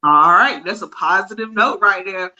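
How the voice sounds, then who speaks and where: A woman's voice: medium pitch, normal speed, pushed and bright, lo-fi sound. A woman hosting a live online interview, reading out viewer comments in an upbeat way. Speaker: host.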